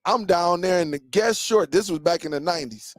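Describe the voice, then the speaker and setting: This live stream host's voice is high-pitched and brisk, recorded with no echo. A man in his forties, he chats laid-back with viewers, telling stories and regularly dropping "man."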